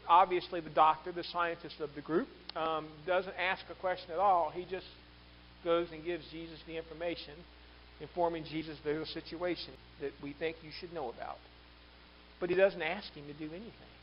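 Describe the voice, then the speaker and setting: A man preaching a sermon with a fairly high voice, bursting into acted-out cries as he tells the story. The recording sounds a bit muffled and lo-fi. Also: a little fast, slight background noise. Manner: animated preaching with acted-out quotes. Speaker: pastor.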